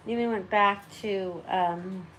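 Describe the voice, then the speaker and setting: In a low-quality recording with slight background noise, a woman who hosts a pet bird channel chats and rambles at home at a slow pace. Her tone is steady and a bit bright, and she coos at her parrots in a high sing-song voice.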